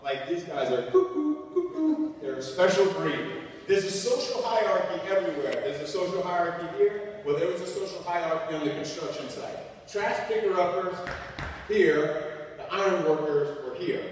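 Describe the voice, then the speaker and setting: A man in his forties from Louisiana giving a sermon-like talk and telling a humorous, animated story. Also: sits high, normal speed, a little hiss or hum. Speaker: guest speaker. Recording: echoey hall from far off.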